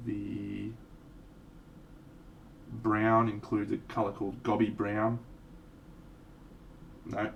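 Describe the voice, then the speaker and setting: Low-ish gravelly guy casually chatting thru his miniature painting, kinda self-mocking, sounds a bit far from the mic. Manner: relaxed, rambling, self-mocking asides. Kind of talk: casual live tutorial talk. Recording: distant mic with faint background noise.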